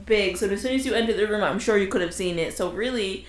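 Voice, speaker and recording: A woman's voice: mid-range voice, quick pace. Woman podcast co-host, casual banter, recorded in an echoey room. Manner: laughs often, relaxed banter. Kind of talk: casual chat.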